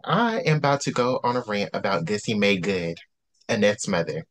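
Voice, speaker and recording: A man's voice: on the low side, big pitch swings, moderate pace. A man hosting a book discussion, going on a heated rant and hammering his points with repetition. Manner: heated ranting, repeats himself for emphasis. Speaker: host.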